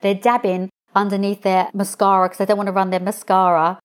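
Expressive woman hosting a podcast. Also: medium pitch, brisk. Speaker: podcast host, coach and hypnotherapist. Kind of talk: solo podcast monologue.

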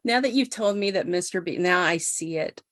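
A woman hosting a casual interview, easygoing and quick to laugh. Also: fairly low pitch, a bit bright, no room sound. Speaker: interviewer, host.

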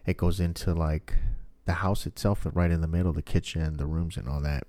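A man's voice: low voice, steady tone, a little fast, dark tone, no room sound. A man in casual chat, rambling and swearing freely as he tells a story. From family from Mexico.

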